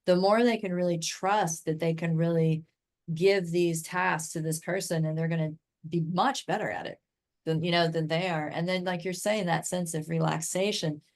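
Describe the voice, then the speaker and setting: Chatty American woman with a lowish voice. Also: fairly even intonation, normal speed. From United States. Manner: enthusiastic, talks in long chatty runs full of "like" and "right?". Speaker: guest expert in human design. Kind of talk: casual podcast interview.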